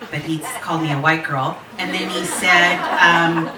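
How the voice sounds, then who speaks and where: A woman's voice: fairly low pitch, moderate pace, hardly any pauses, recorded from a distance, noisy background. Candid woman telling a story, echoey. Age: 40s. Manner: candid, animated, laughing, swearing freely. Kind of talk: personal story told to a live audience.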